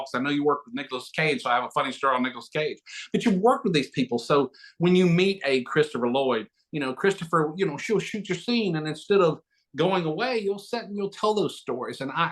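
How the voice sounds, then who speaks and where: A middle-aged man, an actor and auctioneer, telling quick, joking stories as an interview guest on a video call. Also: a little high, a bit bright. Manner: fast, name-dropping, joking. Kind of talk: animated interview storytelling.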